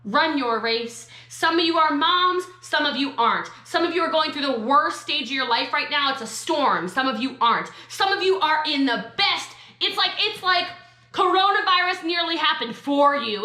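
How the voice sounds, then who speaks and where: Woman, high and bright voice, sassy motivational trainer, echoey room. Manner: sassy, emphatic, quick asides. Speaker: network marketing trainer.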